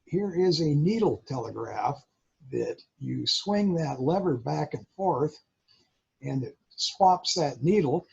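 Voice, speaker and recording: A man presents to a radio club in an unhurried show-and-tell talk, now and then mouthing out code sounds. His voice is raspy and gravelly and sits a little high. The recording is dull and lo-fi. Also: animated, darkish tone. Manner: explaining, imitating Morse sounds.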